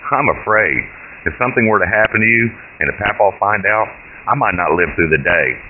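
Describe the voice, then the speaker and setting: A man's voice: fairly low pitch, lively intonation, fairly quick, pitched above the performer's own voice, natural voice. A man voicing a nervous, dutiful young great-grandson in a short story, speaking hesitantly and earnestly. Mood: anxious. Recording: tinny phone-like line with hiss.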